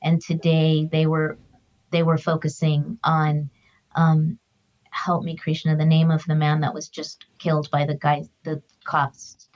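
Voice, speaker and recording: A middle-aged woman, an author and grief counselor appearing as a guest, speaks in a deep, darkish, monotone voice at an unhurried pace. Her stories are earnest, heartfelt, and spiritual, told in a reflective conversational interview, and the recording is muffled.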